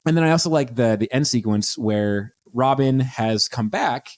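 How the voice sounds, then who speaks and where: A man's voice: mid-range voice, normal speed, no echo, clean studio sound. A man co-hosting a podcast, rambling through an episode recap with lots of fillers and playful quotes. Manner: rambling, many fillers, acts out quotes in animated voices. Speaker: podcast co-host. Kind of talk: casual chat recapping a TV episode.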